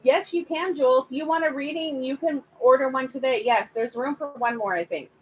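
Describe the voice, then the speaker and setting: A woman with a high voice talks fairly quickly on a muffled recording with a bit of background noise. She's a spiritual reader doing a live-streamed card reading, chatting warmly and directly to her viewers and calling them pet names.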